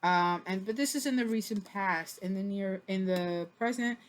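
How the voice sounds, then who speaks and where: A woman giving a casual tarot reading to camera, chatty and expressive, with a loose delivery full of fillers, who laughs and swears when something surprises her. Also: medium pitch, moderate pace. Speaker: tarot reader.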